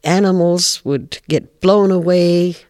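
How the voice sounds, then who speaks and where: A man from the Pacific Northwest telling a traditional animal folk tale in a measured, animated way. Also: sits high, dry recording, clean studio sound. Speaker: storyteller. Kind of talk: oral folk storytelling.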